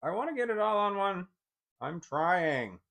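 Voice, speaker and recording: A man's voice: sits high, very animated, unhurried, gravelly, fairly bright tone. A man rambling and swearing as he fumbles with zooming a picture on his computer, thinking aloud to viewers. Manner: rambling, swears often, frustrated muttering. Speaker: vlogger. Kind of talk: casual screen-share commentary.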